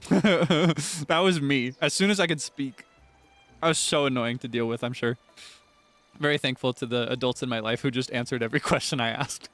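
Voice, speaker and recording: A man's voice: fairly high pitch, moderate pace, fairly bright tone, faint music behind. A man streaming a video game, chatting casually in a self-deprecating, giggly way. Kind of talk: casual gameplay commentary.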